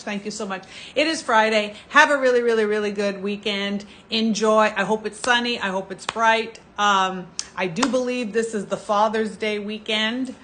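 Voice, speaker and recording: A middle-aged woman presenting skincare products in a live home-shopping show, with an enthusiastic, chatty sales pitch. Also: background noise. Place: TV shopping studio.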